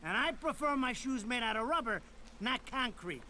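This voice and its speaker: A man's voice: very high voice, animated, normal speed, sharp tone, slight background noise, exaggerated voice. An actor playing a crude, griping mob errand man in a video game cutscene, with a nasal, whiny voice. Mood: griping banter. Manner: crude, griping, panicky when scared. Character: foul-mouthed whiny middle-aged male mob errand man.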